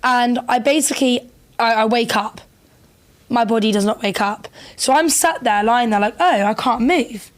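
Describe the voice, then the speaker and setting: A young woman co-hosting a podcast, telling stories in an animated, fast casual chat. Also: a little high. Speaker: podcast co-host.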